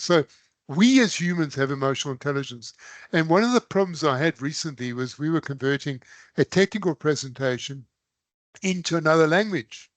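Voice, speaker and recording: A man's voice: a little high, no echo. A man presenting a live online engineering webinar, chatty and loose, with sudden emphatic bursts.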